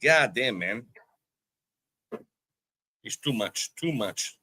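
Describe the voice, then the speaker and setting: A man's voice: mid-range voice, expressive, drawn-out words, sharp tone, a little hiss or hum. A man co-hosting a podcast, bantering playfully with frequent swearing in casual chat. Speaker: podcast co-host. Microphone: remote streaming call.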